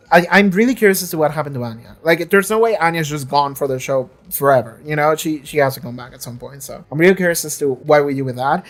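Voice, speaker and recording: A reaction video creator in casual commentary, chatty and swearing freely, now and then acting out characters' lines. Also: mid-range voice.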